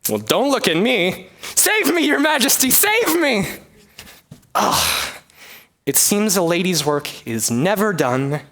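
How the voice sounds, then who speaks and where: A man's voice: a little high, very animated, takes it slowly, fairly bright tone, full character voice. A young man voicing a vain, sassy young lady who chatters like a valley girl.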